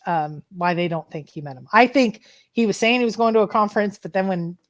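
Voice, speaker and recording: A woman co-hosting a treasure hunt livestream, retelling events in an emotional, animated way with many restarts. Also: medium pitch, fairly quick. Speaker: treasure hunt show co-host. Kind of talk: casual livestream chat, storytelling.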